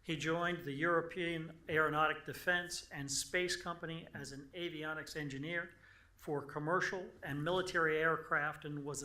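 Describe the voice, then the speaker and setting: A man with a bright, fairly high voice reads a formal introduction as a county commissioner, stumbling now and then over words. His voice carries echo from the chamber. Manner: reads a biography, with small stumbles. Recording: echoey meeting chamber.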